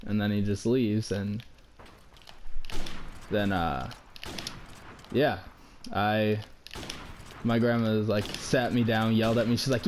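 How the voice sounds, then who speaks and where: Young dude rambling through a story time, says like a lot, swears here n there. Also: male voice, lowish voice, fairly even intonation, a little slow, long pauses, darkish tone, a little hiss or hum. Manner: rambling, heavy use of "like", swears casually. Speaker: vlogger. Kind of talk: casual storytelling.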